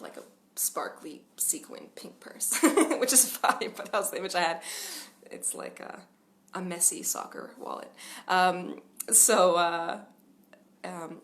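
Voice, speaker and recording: A woman's voice: lowish voice, creaky, fairly bright tone. Chatty woman giving parenting advice. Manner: earnest, chatty, laughs often, many fillers. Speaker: parenting coach. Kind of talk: casual talking-head advice.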